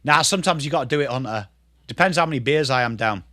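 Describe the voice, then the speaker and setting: A young English man hosting a live football watchalong, swinging between excited play-by-play calls and casual, swearing banter with his chat. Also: medium pitch, fast talker, no room sound, studio quality. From England. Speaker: livestream host.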